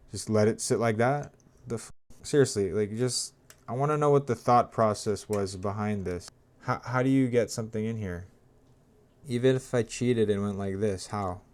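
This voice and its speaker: A man with a lowish voice talks loosely to his viewers as he works on a repair. He mutters half to himself and grows frustrated, swearing under his breath. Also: steady tone, moderate pace, darkish tone, smooth. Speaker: tech vlogger. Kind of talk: casual hands-on narration.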